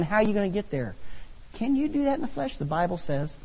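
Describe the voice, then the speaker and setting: A man preaching a sermon, telling funny personal stories with animated delivery. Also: high-pitched, fast, slightly rough. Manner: animated, humorous storytelling. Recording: long hall reverb.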